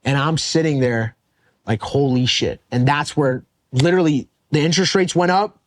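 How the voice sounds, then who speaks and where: A young man with a slightly high voice talks through his own story on a podcast. He is blunt and animated, and drops curse words freely as he goes. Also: normal speed. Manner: animated and blunt, swears often. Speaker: podcast guest, real estate wholesaler. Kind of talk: casual interview storytelling.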